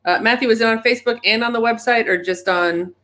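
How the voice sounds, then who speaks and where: A woman announcing club events in a casual meeting over a video call, quick and upbeat with a joking touch. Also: fairly high pitch, fairly bright tone. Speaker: events presenter.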